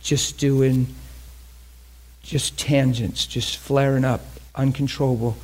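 A man's voice: medium pitch, level tone, slow. A man preaching in a conversational, emphatic way, often repeating phrases as he teaches. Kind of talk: sermon teaching.

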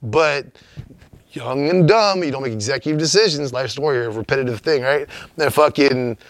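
A man's voice: mid-range voice, normal speed, no echo. A man telling a story as an interview guest, in a rambling, profane, laid-back way.

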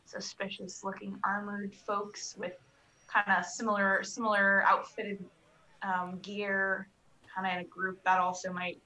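Woman player, bright edgy tone, hesitant phrasing, tabletop game. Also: mid-range voice, monotone, measured pace, low-quality recording. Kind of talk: casual tabletop role-play.

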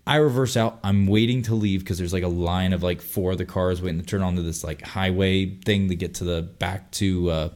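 A young man telling a long story on a casual podcast, animated and full of swearing. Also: low voice, brisk, hardly any pauses. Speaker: podcast host.

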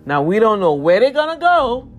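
A woman's voice: a little high, very animated, normal speed, faint music behind. A woman from Louisiana talking casually to her viewers, earnest and preachy, warning them directly. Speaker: vlogger.

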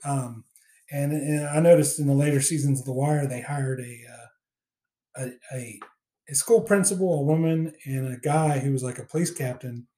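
A man's voice: mid-range voice, moderate pace, warm tone. A man hosting a podcast in a casual, rambling chat full of fillers. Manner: rambling, many fillers and restarts. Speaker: podcast host.

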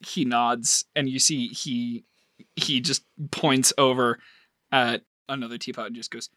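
A man narrating a tabletop game as game master, animated and often laughing. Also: medium pitch, measured pace, no room sound, studio quality.

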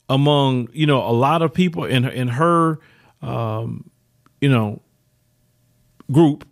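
A middle-aged man with a fairly high voice delivers opinion commentary in a preachy, emphatic way. He stumbles over repeated words and restarts as he presses his points.

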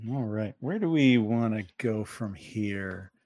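A man's voice: on the low side, animated, takes it slowly, darkish tone, no echo. A man hosting a podcast asks questions in a casual, rambling way, with hesitations and restarts. The recording is dry and close. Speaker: podcast host.

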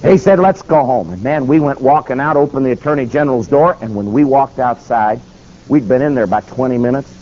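A man preaching, telling a story and acting out the quotes. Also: fairly quick. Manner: animated, acts out quotes with shifting pitch. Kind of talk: sermon storytelling. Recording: slightly dull recording with faint noise.

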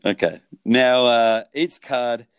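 A man's voice: mid-range voice, slow, crowd noise. A man hosting a casual podcast chat, wry and joking. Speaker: podcast host.

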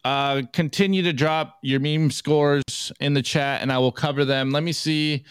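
A man with a slightly high, clean voice speaks a little slowly and steadily, recorded dry with clean studio sound. He's a podcast host doing casual live-stream commentary, chatting loosely and stumbling over his words while reading memes aloud.

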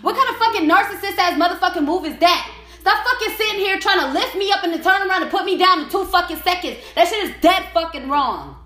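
A woman's voice: very high voice, expressive, fast talker, fairly bright tone. A woman ranting angrily in a heated, profane monologue, repeating herself as she vents. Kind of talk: angry venting monologue. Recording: echoey room.

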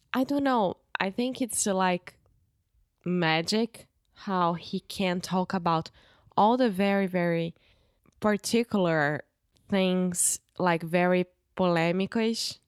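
A woman's voice: mid-range voice, smooth, no room sound, clean studio sound. A Brazilian woman with a Portuguese accent, co-hosting a casual podcast in English, enthusiastic and sometimes searching for the right word. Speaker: podcast co-host. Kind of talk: casual chat.

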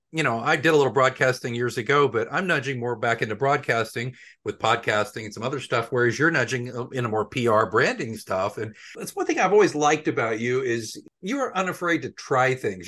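Bright-voiced chatty male podcast host. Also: medium pitch. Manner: friendly, chatty, joking. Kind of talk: casual interview chat.

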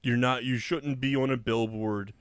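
A man's voice: medium pitch, fairly even intonation, moderate pace, smooth, dry recording, clean studio sound. A man co-hosting a podcast, speaking bluntly and profanely and laughing along. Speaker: podcast co-host. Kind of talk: crude casual podcast banter.

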